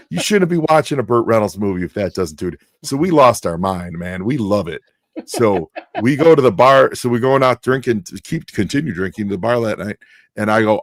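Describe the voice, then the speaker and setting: A man's voice: medium pitch, expressive, fairly quick, no echo, studio quality. A man co-hosting a casual podcast, telling a story with lots of energy and acting out the other people's voices. He sounds worn out and short of breath. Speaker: podcast co-host.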